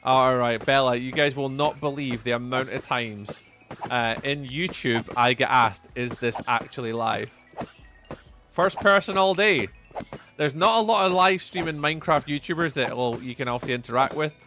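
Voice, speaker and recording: With soft music in the background, a young man from the Edinburgh area of Scotland talks to his chat while playing a game live. His mid-range voice sounds bright and forceful at a normal pace, and he reads messages aloud and repeats phrases chattily.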